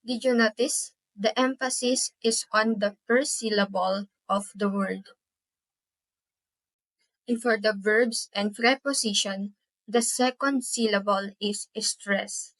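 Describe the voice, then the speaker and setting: Slow, careful young woman presenter. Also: medium pitch, steady tone, a bit bright, dry recording, low-quality recording. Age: young adult. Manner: says each example word twice, syllable by syllable. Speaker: student presenter. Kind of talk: class presentation on pronunciation.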